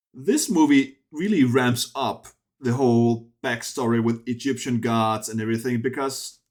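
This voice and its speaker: A man talking through a film review in a loose, rambling way. He restarts his sentences often and sounds dismissive and sardonic. His voice sits at an ordinary pitch for a man. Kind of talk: casual spoken film review.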